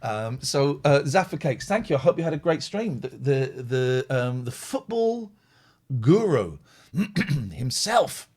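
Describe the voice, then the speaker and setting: Chatty man with a lively voice. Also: mid-range voice, a little slow. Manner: rambling, chatty, reads viewer comments aloud. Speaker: host of a live call-in stream. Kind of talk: casual live-stream chat.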